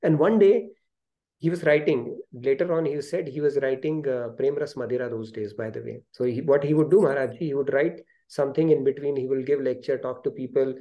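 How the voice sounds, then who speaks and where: A man with an Indian English accent hosting an online spiritual study session on a video call, telling a story lively and acting out the quoted speech. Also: mid-range voice, fairly quick, lo-fi sound.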